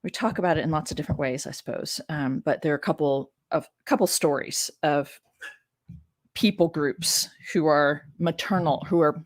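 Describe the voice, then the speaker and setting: A woman's voice: low voice, a little fast, hardly any pauses, dry recording, clean studio sound. Chatty woman reading scripture with asides. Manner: chatty and digressive, with frank asides and rhetorical questions. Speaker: biblical scholar and teacher. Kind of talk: casual scripture reading with commentary.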